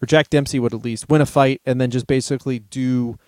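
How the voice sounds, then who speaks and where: A man's voice: mid-range voice, fairly even intonation, a little fast, a little mellow, no echo. Dry-voiced man telling comic stories. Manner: storytelling, reads out history passages, laughs often. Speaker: comedian podcast co-host. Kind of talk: casual comedic chat.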